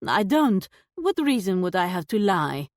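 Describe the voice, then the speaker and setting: A woman's voice: mid-range voice, sing-song, measured pace, no room sound, studio quality. A woman voicing a mature, defensive female shopkeeper whose put-on French accent keeps slipping in an audiobook reading. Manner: indignant, evasive, accent slipping in and out.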